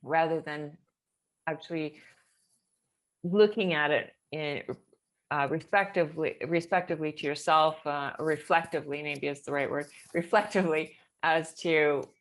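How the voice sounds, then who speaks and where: A woman's voice: low-pitched, fairly even intonation, normal speed. A woman chatting casually in a rambling way, with many fillers and nervous laughter. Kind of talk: casual chat.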